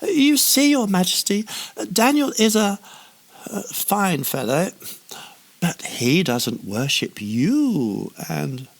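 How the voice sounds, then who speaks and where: A man voicing oily, haughty male royal administrators who grovel in a strained, high voice. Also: very animated, takes it slowly, exaggerated voice. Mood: grovelling. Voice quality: slimy, fawning, high and strained.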